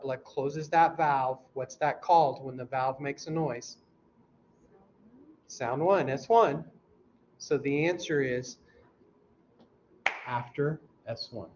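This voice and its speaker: A man teaching a class, quizzing students and mimicking heart sounds out loud, heard in a dull, lo-fi classroom recording. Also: on the high side. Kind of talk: classroom lecture. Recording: dull lo-fi recording with faint hum.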